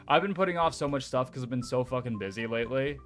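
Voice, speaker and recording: A man's voice: mid-range voice, fast, a bit bright, faint music behind. Rambling young guy streaming. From United States. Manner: rambling, jokey, swears casually. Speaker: VTuber streamer. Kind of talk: casual chat.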